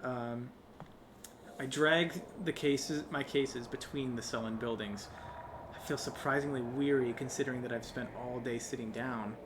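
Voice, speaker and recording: A man plays through a solo tabletop adventure, reading the text aloud and speaking as his character. He sounds hesitant and amused with himself, in a plain mid-pitched voice, over steady background noise. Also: normal speed. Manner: hesitant, self-amused, with restarts. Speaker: solo tabletop game player. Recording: noisy home recording.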